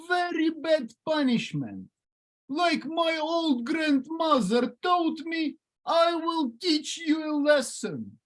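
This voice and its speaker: A man's voice: very high voice, pitched above the performer's own voice, exaggerated voice, poor audio. A man voicing a strict Ukrainian father threatening his son with punishment, in a Ukrainian accent. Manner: loud, threatening, drawn-out.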